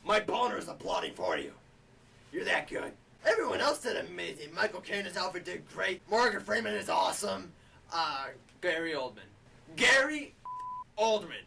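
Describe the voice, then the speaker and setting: A man giving a gushing, excitable comedic movie review in character. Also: high-pitched, moderate pace, creaky, recorded from a distance, a little hiss or hum.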